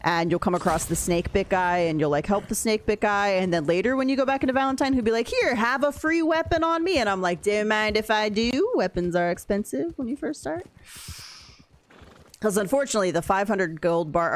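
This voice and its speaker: A woman chatting casually with her viewers while playing a game, laughing often as she talks. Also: mid-range voice. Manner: chatty, laughs often, reads and answers chat. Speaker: game streamer. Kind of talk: casual chat while gaming.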